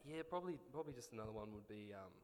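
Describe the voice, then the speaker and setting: A man's voice: on the low side, animated, racing, a little mellow. A young man chatting casually and hesitantly, with many fillers, about his father. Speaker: son in a family discussion. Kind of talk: casual chat. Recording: echoey room, faint noise.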